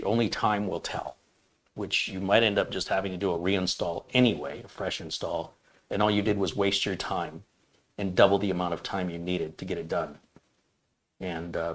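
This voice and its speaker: Blunt, low-voiced man answering questions. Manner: blunt, opinionated, rambling with restarts. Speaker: host answering viewer questions. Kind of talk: casual live Q&A.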